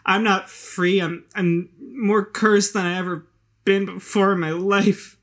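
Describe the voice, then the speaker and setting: GM putting on a hopeless young woman, drunk and cursed: high, halting, self-pitying, keeps repeating herself. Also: little pitch movement, a bit bright. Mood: despairing.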